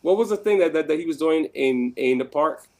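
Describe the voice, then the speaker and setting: A man's voice: fairly high pitch, animated, fairly quick. A man co-hosting a live podcast, joking and teasing, often stumbling over his words. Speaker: podcast co-host. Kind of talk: casual live podcast chat.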